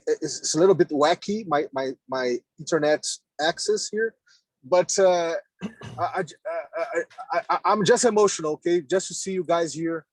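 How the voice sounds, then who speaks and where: Halting man on a video call. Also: fairly high pitch, no echo. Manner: halting, repeats words, laughs often. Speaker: meeting participant. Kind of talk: casual video call chat. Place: in a car on the road.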